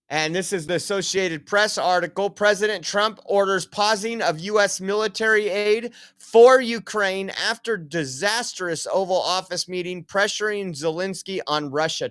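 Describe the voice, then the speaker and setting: A man's voice: high voice, a bit bright, clean tone. A man hosting opinionated political commentary, reading quotes aloud and laughing at them mockingly.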